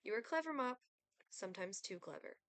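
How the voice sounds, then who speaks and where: A woman's voice: medium pitch, lively intonation, a little fast, fairly bright tone, no echo, lightly acted. Haughty Grim Reaper from a dating game, formal and chilly, dry close sound, read by a woman. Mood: cold, formal. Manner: cool, clipped, formal speech. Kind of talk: reading game dialogue aloud.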